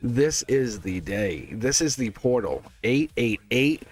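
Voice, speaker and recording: A man's voice: mid-range voice, very animated, slow pace, husky. A middle-aged man reading tarot live, chatting casually, laughing often and repeating himself. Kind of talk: casual live-stream chat. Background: test music.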